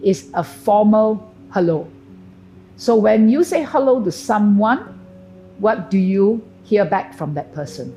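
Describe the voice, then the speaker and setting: A woman's voice: mid-range voice, animated, warm tone, soft background music, rough recording. Poised woman teaching polite greetings. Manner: clear, deliberate, instructive, stretches key phrases slowly. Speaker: etiquette and grooming trainer. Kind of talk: presenting a lesson on camera.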